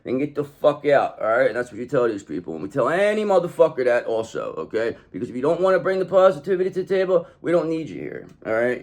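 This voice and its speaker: Male tarot reader, mid-pitched, brash and profane, hypes the viewer up. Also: darkish tone. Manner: swaggering, emphatic, profane, keeps tagging "okay?". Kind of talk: casual tarot reading monologue.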